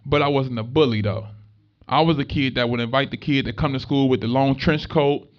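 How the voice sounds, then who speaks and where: A young man giving a motivational talk to students, telling stories in an animated, conversational way with street slang. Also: medium pitch, brisk. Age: young adult. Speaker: motivational speaker. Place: room with a live student audience. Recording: dull lo-fi recording.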